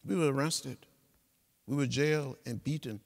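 A man, giving an inspirational speech in a rhythmic, preacher-like cadence with repeated phrases that swell to loud peaks. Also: mid-range voice, normal speed, gravelly. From Alabama. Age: 70s. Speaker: guest speaker. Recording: long reverb of a big hall.

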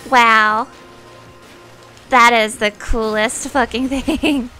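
A woman streaming a game, giving casual, profane and excitable commentary. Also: high-pitched, unhurried, vocal fry, soft background music.

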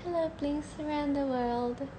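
A young woman co-hosting a casual livestream chat from home on a phone, giggling often and pausing with fillers. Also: high-pitched, steady tone, noisy background. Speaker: livestream co-host.

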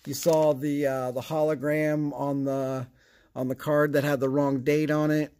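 A man's voice: on the high side, level tone, unhurried, darkish tone. A man hosting a casual card-opening vlog, chatty and rambling, with a sarcastic streak. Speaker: card collecting channel host.

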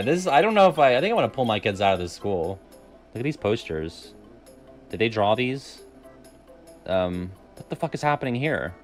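A man streaming video games, talking through the play in a casual, profane way and often laughing at himself. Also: medium pitch. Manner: animated, profane, laughs often, self-deprecating. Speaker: game streamer. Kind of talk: casual gameplay commentary.

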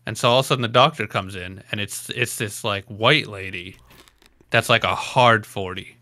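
A man's voice: mid-range voice, moderate pace, sharp tone, dry recording, clean studio sound. A young man hosting a podcast, telling rambling stories in casual chat and laughing often. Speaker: podcast host.

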